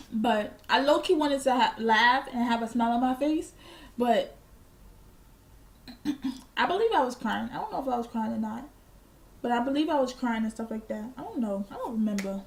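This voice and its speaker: A woman's voice: on the high side, lively intonation, normal speed, long pauses. Blunt, profane young woman. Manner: boastfully petty. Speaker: vlogger. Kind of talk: casual storytime.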